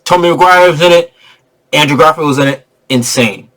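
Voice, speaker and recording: Excitable, slangy male movie reviewer. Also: a little high, a little fast. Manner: excitable, slangy, laughs often, rambling restarts. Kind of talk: casual spoiler movie review.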